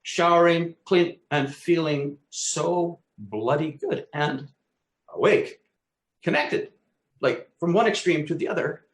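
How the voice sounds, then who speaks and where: Animated man telling a personal story. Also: on the high side, takes it slowly. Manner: animated, acts out his own exclamations, swears casually. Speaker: co-host. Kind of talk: casual storytelling. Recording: echoey room.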